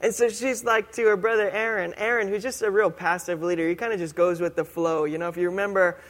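A pastor preaches in a relaxed, chatty way and slows down hard to stress key phrases. His voice is fairly high and rings with a long reverb from a church hall. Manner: conversational, casual, with slow, emphatic punchlines. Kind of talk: sermon.

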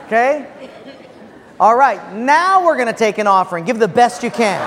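High-voiced man preaching in a reverberant church. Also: animated, a crowd in the background, noisy background. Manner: playful, coaxing, dramatic slowdowns. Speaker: pastor. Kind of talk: sermon with audience participation. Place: church sanctuary.

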